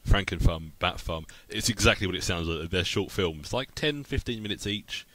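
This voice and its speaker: A man's voice: sits low, animated, normal speed, sharp tone. A British man co-hosting a podcast, chatting casually and laughing often at his own jokes. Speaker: podcast co-host. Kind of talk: casual chat.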